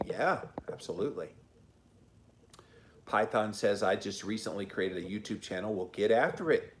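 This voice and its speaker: Middle-aged Southern male host, lowish voice, folksy and encouraging, unhurried delivery. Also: a little hiss or hum. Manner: chatty, encouraging, folksy, slow-spoken. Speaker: podcast host reading viewer comments. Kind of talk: casual livestream chat.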